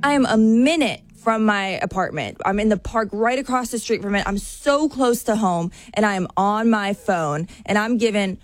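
A woman's voice: medium pitch, moderate pace, hardly any pauses. A young woman co-hosting a radio show, telling a personal story in casual chat and acting out what people said. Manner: animated storytelling, acting out quotes.

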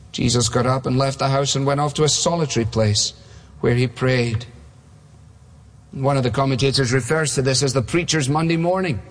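A man's voice: medium pitch, big-room sound. A man preaching a sermon in a conversational way, asking rhetorical questions.

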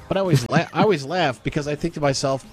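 A man's voice: on the high side, fast talker, faint music behind. A man co-hosting a talk show, joking playfully as he chats. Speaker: radio show co-host. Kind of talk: casual chat.

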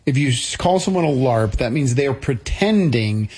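Co-host, middle-aged man, husky tone, lively pitch, dry jokes at his own expense. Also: normal speed. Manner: dry, self-deprecating humor. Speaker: radio co-host. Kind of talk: casual radio chat.

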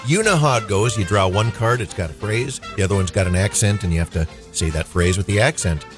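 A man's voice: lowish voice, brisk, over music. Joking man hosting a radio show. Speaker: radio host. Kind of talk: casual studio chat. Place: radio studio.

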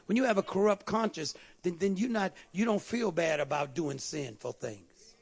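High gravelly preacher guy, fired up, calling out to the church, lots of call and response. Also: animated. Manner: fervent call-and-response preaching, quick asides. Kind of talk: sermon. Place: church service.

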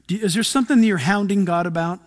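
A man with a high, light voice preaches to his congregation. He swings from loud, urgent appeals down to hushed, almost whispered asides. He acts out quick quoted lines as he tells his stories. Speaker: pastor. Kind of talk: sermon.

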